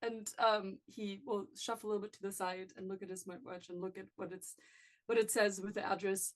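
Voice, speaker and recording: A woman's voice: medium pitch, little pitch movement, fairly quick. A woman player in a tabletop game, hesitantly describing what her character does, with many fillers. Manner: soft, hesitant narration with many fillers, laughing often.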